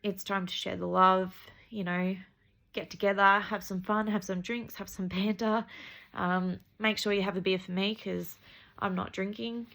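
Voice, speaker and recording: An Australian woman talking earnestly in a personal video diary, halting and repeating herself as she goes. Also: medium pitch, steady tone, vocal fry, a bit bright. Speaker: vlogger sharing her medical journey.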